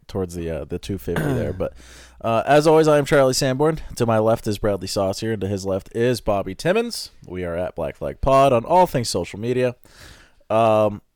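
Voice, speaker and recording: A man's voice: fairly low pitch, lively intonation, normal speed, a little mellow, no echo. A man hosting a casual podcast, talking loosely with lots of fillers and dry wisecracks. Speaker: podcast host.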